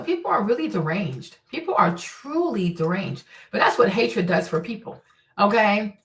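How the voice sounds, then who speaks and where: Indignant woman host, fairly high-pitched, blunt, salty-tongued, in a roomy echo. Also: a bit bright, recorded from a distance. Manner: indignant, blunt and profane, with rhetorical questions. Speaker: streamer and commentator. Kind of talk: livestream commentary. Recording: echoey room.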